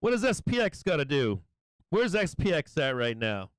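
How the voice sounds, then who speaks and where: Hyped high-voiced man calling live trades. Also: normal speed, smooth, no echo, rough recording. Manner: excitable, hyped, egging on the price; chuckling often. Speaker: stock market livestream host. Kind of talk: live trading commentary.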